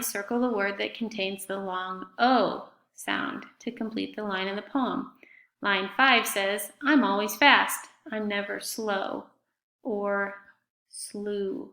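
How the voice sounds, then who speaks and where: A woman's voice: mid-range voice, a bit bright. A woman teaching a fifth grade class in a recorded remote lesson, speaking patiently and spelling out words letter by letter. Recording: echoey room.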